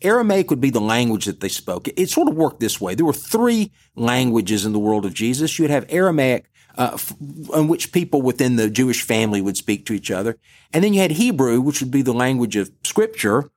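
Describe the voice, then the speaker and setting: A middle-aged priest teaches the Bible on a podcast. He talks in a relaxed, conversational way and drops in asides as he tells stories. His voice sits at an ordinary pitch for a man. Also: brisk.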